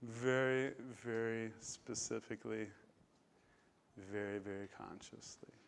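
Male preacher, sermon, emphatic, loud stresses and hushed drops. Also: lowish voice, steady tone, takes it slowly, gravelly, slight background noise.

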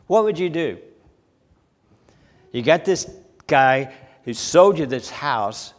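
Older preacher in a reverberant hall. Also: male voice, on the high side, lively intonation, takes it slowly. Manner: folksy, chuckling storyteller. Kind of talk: folksy sermon with personal stories.

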